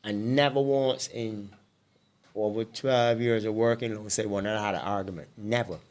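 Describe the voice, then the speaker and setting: A man with a Bajan accent, a co-host in casual chat who gets excitable and swears freely. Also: fairly low pitch, normal speed.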